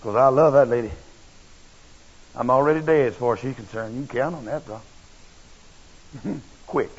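Preacher guy, husky gravelly voice, folksy and blunt, muffled lo-fi tape. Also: mid-range voice, moderate pace. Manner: folksy, blunt and emphatic, with rough restarts. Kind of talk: sermon with personal storytelling. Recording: dull lo-fi recording.

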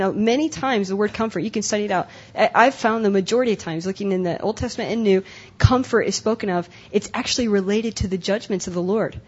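A young adult woman with a medium-pitched, slightly breathy voice speaks at a conference breakout session. She is earnest and emotional and often repeats herself. The live recording sounds dull and lo-fi.

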